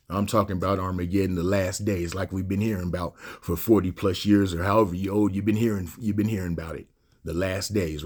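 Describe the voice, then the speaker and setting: Low deep guy ranting about loss, slangy, asks the crowd questions, middle-aged, kinda choked up. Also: a little mellow. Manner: preachy, rhetorical questions, slangy. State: emotional, near tears. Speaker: host. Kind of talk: monologue to camera.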